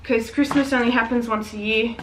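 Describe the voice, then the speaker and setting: A pregnant vlogger in her late twenties chats casually while wrapping gifts at home, frank and a bit breathless, swearing and laughing often. Her voice is on the high side with a steady tone and a fairly quick pace. The rough recording carries slight background noise.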